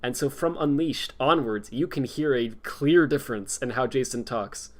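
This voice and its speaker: A man's voice: medium pitch, moderate pace. A young man chatting casually on a stream, rambling and laughing often. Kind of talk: casual chat.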